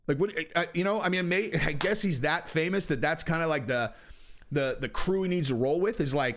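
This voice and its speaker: A man's voice: a little high, animated, moderate pace. Blunt, exasperated male commentary host. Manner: blunt, exasperated, repeats rhetorical questions; jumps to shouting in outbursts. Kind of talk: animated commentary rant.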